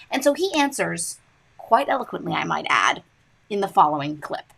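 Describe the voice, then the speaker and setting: Expressive teen girl podcast host. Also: a little high, moderate pace, creaky. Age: teens. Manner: emphatic, rising and falling delivery. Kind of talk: scripted podcast narration.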